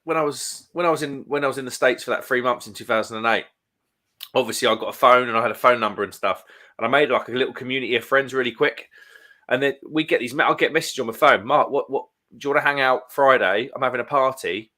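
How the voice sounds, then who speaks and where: A London-accented Englishman in his thirties hosts a casual live stream chat, telling stories and laughing often. His voice is mid-range with a sharp tone, and he talks fast.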